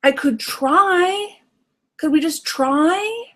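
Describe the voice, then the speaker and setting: A woman voicing an eager little child who begs to be allowed to try something, drawn out and high. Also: very slow, sharp tone, full character voice. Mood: pleading.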